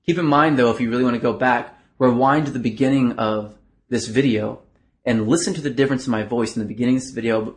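A man teaching in an instructional video, moving between a bright conversational voice and a lower, softer chest voice, with frequent "uh" fillers. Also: steady tone, fast. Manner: shifts between a bright throat voice and a low, soft chest voice; earnest, explanatory, with filler words. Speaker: dating coach.

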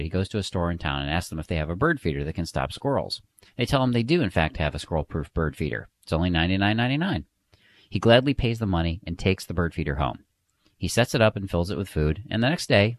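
Brief: man, very low voice, lively swooping delivery, emphatic motivational advice narrator. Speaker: dating advice coach. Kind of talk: scripted instructional narration.

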